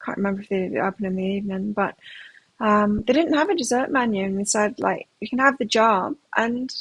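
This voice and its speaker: Chatty husky middle-aged woman tarot reader. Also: medium pitch, a little fast, fairly bright tone, no room sound, low-quality recording. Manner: chatty, rambling, with frequent restarts. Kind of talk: live tarot reading and anecdote.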